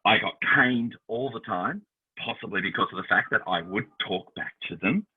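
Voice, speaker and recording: A man co-hosts a casual chat, telling lively stories and slipping into the voices of the people in them. His voice has a husky grain. It comes through tinny, like a phone line. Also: on the low side, normal speed. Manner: animated storyteller acting out quoted voices. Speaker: podcast co-host.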